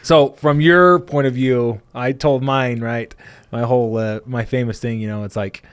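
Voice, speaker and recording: A man of middle pitch tells a story in an easygoing, rambling way and quotes other people as he goes. The recording is dry and close, with no room echo. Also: fairly even intonation, normal speed, smooth. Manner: rambling, many fillers and restarts, quotes people. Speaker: podcast host, plumbing business owner. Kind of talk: casual storytelling chat.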